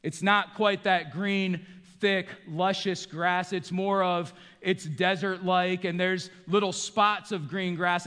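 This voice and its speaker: Male pastor, sermon, high voice, animated preaching, reverberant church hall. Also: slow pace, clear, resonant tone. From northeastern United States. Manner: animated preaching, swings between hushed and rising emphasis. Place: church sanctuary.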